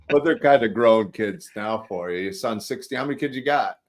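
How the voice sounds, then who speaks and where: A man, likely in his forties, chatting casually on a livestream call, jokey and quick to laugh. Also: medium pitch, expressive, a little hiss or hum. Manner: jokey, laughs often, does voices of family. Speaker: guest.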